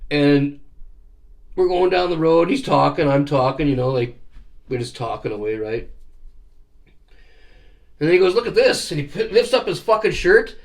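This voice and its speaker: A man's voice: on the high side, moderate pace, pauses often. Profane man telling stories. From Canada. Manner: profane, animated storyteller. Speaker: vlogger. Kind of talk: casual storytelling.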